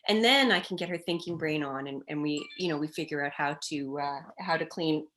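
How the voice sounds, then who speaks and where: Middle-aged woman, expert guest, lively anecdotal storytelling, voices the kids in her stories. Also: low voice, brisk, a little hiss or hum. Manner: animated storytelling, acting out children's cries in quotes. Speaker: child development expert guest. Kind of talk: storytelling in a conversational interview.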